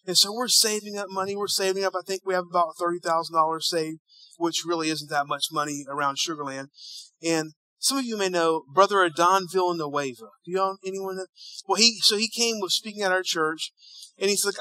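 A man preaching a sermon, telling a story and acting out the dialogue, dropping quiet and then rising loud. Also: high-pitched, no echo, poor audio. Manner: storytelling, acts out dialogue, swings between hushed and loud. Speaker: pastor.

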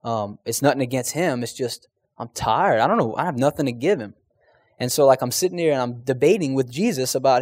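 A man's voice: mid-range voice, fairly quick, darkish tone, no echo. A man telling a personal faith testimony in an earnest, conversational way, speaking straight to his listeners.

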